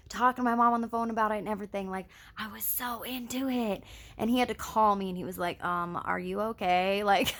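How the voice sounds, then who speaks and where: A woman's voice: medium pitch, pushed and bright. A young woman with a lisp, talking casually to her camera in a rambling, scattered way and swearing freely. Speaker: vlogger. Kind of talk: casual personal vlog.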